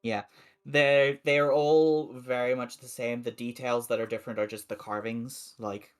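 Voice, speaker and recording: A man narrating as game master of a tabletop game, describing the scene slowly with many pauses and fillers. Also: medium pitch, steady tone, smooth.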